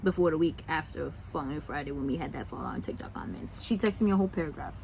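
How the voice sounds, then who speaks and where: A man's voice: a little high, fast talker, gravelly, darkish tone, a little hiss or hum, poor audio. A young man vlogging, venting about a breakup in a heated, sarcastic, profane way. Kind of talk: venting story-time vlog.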